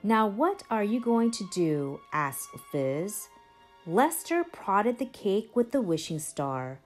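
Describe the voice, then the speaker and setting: Slow, lively woman reading a storybook. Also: mid-range voice, soft background music. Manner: expressive, slow and lively read-aloud. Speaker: storybook reader. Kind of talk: reading a children's picture book aloud.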